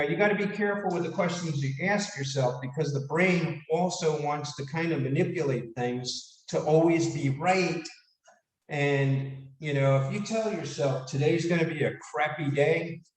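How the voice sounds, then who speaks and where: An animated man gives a casual motivational lecture and throws questions at his listeners. His voice sits a little high for a man. He is recorded from some distance in an echoey room. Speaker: speaker giving a leadership talk.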